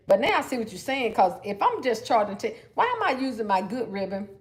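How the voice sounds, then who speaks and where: Chatty woman livestreaming to y'all. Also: medium pitch. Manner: chatty, folksy, addresses viewers as y'all. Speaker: livestream host, gift-wrapping crafter. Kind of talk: casual livestream chat.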